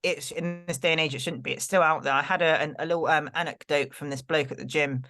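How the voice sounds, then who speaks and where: A woman's voice: low voice, steady tone, quick pace, fairly bright tone. A woman in her thirties, co-hosting a podcast in casual, rambling chat full of restarts. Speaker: podcast co-host.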